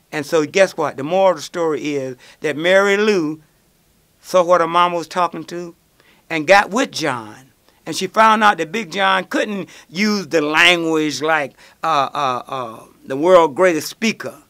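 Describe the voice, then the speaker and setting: Man, radio host, lively storyteller, bright voice, higher pitch. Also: moderate pace. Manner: animated storyteller, acts out quoted voices. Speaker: radio show host answering listener questions. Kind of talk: storytelling call-in answers.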